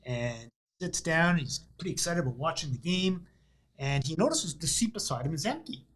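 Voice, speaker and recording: A man, a doctor and author, chatting as a guest and telling jokes as a relaxed, sometimes hesitant storyteller. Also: on the high side, normal speed, poor audio. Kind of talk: interview chat and joke telling. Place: office studio.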